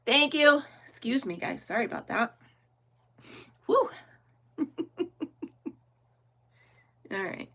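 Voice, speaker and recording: A woman's voice: a little high, animated, slow pace, pauses often, bright, forceful tone. A middle-aged woman chatting casually and laughing often as she crafts on a livestream, thinking aloud and talking to her viewers. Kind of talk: casual chat while crafting.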